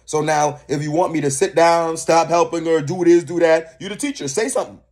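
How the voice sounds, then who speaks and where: Profane ranting young man, higher-pitched. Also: brisk, darkish tone. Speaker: reaction video co-host. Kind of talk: casual reaction commentary.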